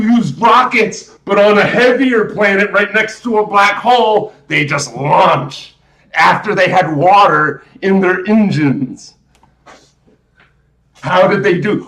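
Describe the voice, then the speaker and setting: A man hosting a live show rambles through a casual movie rant, restarting emphatically and firing off rhetorical questions. His voice is high-pitched and a bit bright, heard in an echoey room.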